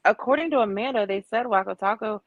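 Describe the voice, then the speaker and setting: A woman chimes in during a casual reaction chat with short, wry comments. Her voice sits at a middle pitch and sounds dry and close, with no room echo. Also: fast talker, narrow, tinny audio.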